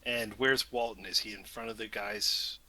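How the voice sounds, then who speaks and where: A man playing a tabletop game over voice chat, joking and halting, worn out late at night. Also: fairly low pitch, fairly even intonation, sharp tone, low-quality recording. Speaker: player. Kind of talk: casual voice chat.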